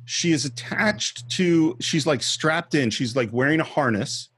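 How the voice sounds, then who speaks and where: A man's voice: on the high side, expressive, a little slow, a bit bright, breathy edge. A man co-hosting a film podcast, talking through movie scenes and behind-the-scenes trivia in a casual chat.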